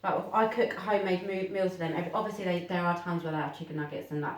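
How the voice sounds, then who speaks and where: A woman's voice: fairly low pitch, fairly even intonation. A young woman and podcast co-host, chatting casually and agreeing a lot. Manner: agreeable, quick back-channelling. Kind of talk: casual chat. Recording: roomy, distant mic.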